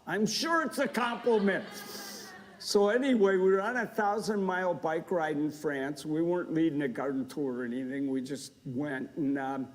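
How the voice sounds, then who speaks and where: An older man giving a humorous gardening talk to a live audience, an animated storyteller who acts out scenes with sound effects. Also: a little high. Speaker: gardening speaker. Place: lecture hall before a live audience.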